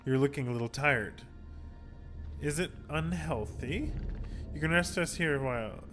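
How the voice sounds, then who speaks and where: A man reading a gentle caring flea. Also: fairly high pitch, normal speed, faint music behind, natural voice.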